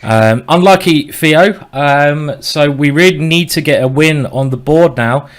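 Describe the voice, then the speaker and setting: A man hosting live chess commentary in a casual, excitable way, urging the players on. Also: a little high, measured pace.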